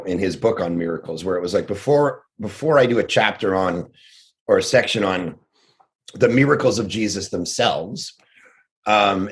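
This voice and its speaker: A man, a pastor and author, speaking as a guest on a podcast. He talks casually and tells stories animatedly, with quick asides and frequent restarts. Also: lowish voice.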